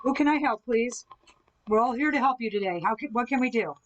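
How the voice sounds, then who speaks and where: A woman hosting a live ghost hunting session, calmly asking the spirits questions from indoors at someone else's home. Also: on the high side, a little fast, lo-fi sound. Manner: calm, coaxing questions to spirits. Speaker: ghost hunter host.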